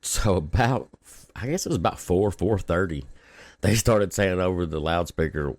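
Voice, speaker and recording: A man's voice: sits low, expressive, normal speed, a little mellow, dry recording. A man, hosting a local news podcast and telling a story in a casual, profane, laid-back way, laughing often.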